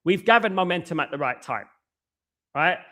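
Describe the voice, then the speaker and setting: A man hosts a live football stream. His voice sits high and sounds forceful. He talks casually and keeps repeating himself as he greets viewers. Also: lively intonation, moderate pace. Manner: repetitive, conversational, greets viewers by name. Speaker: football channel host. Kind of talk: live-stream football talk, reading chat.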